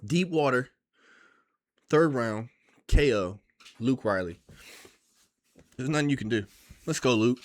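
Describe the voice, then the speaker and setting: A man giving casual, profane and excitable vlog commentary on fight picks, rambling as he goes. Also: mid-range voice, slow pace, long pauses. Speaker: MMA fight picks YouTuber.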